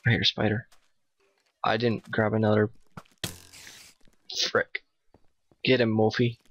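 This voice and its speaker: A man giving nervous, excitable let's play commentary, talking to his in-game dog. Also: on the low side, slow pace, slight background noise. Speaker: gamer playing a Minecraft map. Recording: dull, dry home mic.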